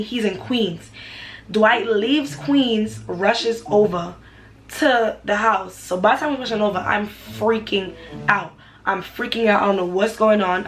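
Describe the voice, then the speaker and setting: A young woman, casually retelling a personal story for her vlog, animated and repetitive. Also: mid-range voice, poor audio. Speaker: vlogger.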